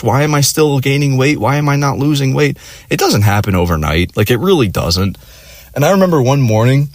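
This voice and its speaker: A young man rants in a rambling, profane way, stacking fillers as he talks. His voice sits fairly low, and the recording is dry and close. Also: no room sound. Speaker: vlogger. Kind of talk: casual rant.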